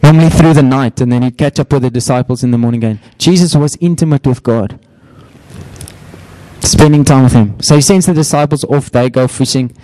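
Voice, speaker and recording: A man's voice: brisk, mellow, rough recording. A middle-aged man preaching a sermon, telling stories and acting out quotes in a raised voice. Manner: storytelling, acts out quotes with raised pitch. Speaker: pastor.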